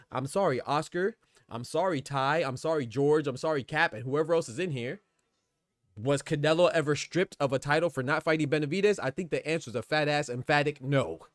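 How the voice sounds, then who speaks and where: A man's voice: a little high, no room sound, studio quality. A man hosting a live boxing podcast, arguing his point in a rambling, insistent way and reading out chat comments. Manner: argumentative, rambling, repeats "man".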